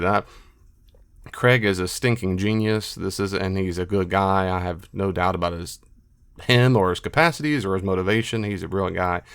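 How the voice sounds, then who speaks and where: A middle-aged man speaking as a biblical scholar in an unscripted monologue, emphatic and repetitive, with animated asides. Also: low voice, a little fast, smooth.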